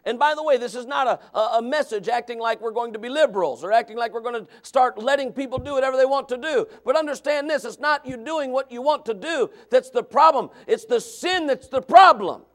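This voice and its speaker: A pastor in his thirties preaching with a high voice for a man. He talks in a chatty way, drops into quiet asides, then rises into shouted points. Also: fairly quick, hardly any pauses. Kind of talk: sermon.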